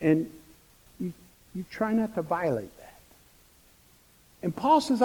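Preacher with a high-pitched voice in an echoing hall. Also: male voice, slow, pauses often, breathy edge, dull audio. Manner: animated storytelling, repetitive emphatic phrasing. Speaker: pastor. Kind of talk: sermon. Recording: long reverb of a church hall.

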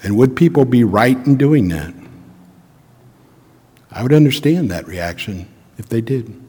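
Earnest pastor in a reverberant hall. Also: male voice, mid-range voice, animated, a little slow, warm tone, slightly rough. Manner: earnest, reflective storytelling with rhetorical questions. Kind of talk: sermon. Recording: long reverb of a large hall.

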